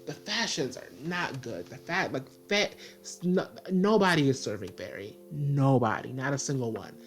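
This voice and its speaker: A man's voice: mid-range voice, expressive, normal speed, faint music behind. A man giving a casual video review, talking in a sassy, exasperated way and filling his speech with "like". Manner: sassy, filler-heavy, exasperated ranting. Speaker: TV show reviewer.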